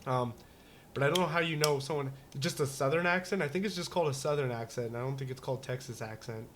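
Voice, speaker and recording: A man's voice: mid-range voice, fast talker, slight background noise. A man co-hosting a casual talk show, rambling and joking with many restarts and fillers. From United States. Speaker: podcast co-host. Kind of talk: casual chat.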